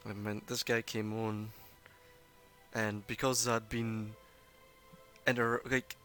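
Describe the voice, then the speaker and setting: A man's voice: on the low side, level tone, slow, fairly bright tone, faint music behind. A man who runs a tabletop game, chatting casually during a break and telling a rambling story with plenty of swearing. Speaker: game master.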